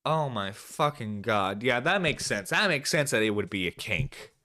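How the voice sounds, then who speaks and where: A man's voice: mid-range voice, lively intonation, moderate pace, pushed and bright, no room sound, clean studio sound. A man giving an angry reaction commentary on a live stream, ranting and swearing with stammered restarts. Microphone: desk microphone.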